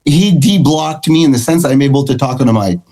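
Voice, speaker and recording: Animated storytelling middle-aged man. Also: mid-range voice, a little fast, rough recording. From Canada. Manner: animated, acts out quoted dialogue. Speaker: guest, country guitarist. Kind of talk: storytelling interview chat.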